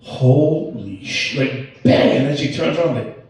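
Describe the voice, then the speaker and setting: Speaking at normal speed in a slightly mellow, medium-pitched voice, a man in his late forties works through a crude open-mic stand-up set. It's rambling, full of curses and self-interruptions, and the distant mic picks up an echoey room.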